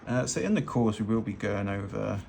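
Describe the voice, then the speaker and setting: Gravelly-voiced man chatting while drawing. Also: on the low side, animated, a little fast, a little mellow, a little hiss or hum. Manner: loose, chatty, self-deprecating, laughs often. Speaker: fashion illustrator teaching. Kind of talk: casual drawing tutorial narration. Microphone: hands-only overhead camera.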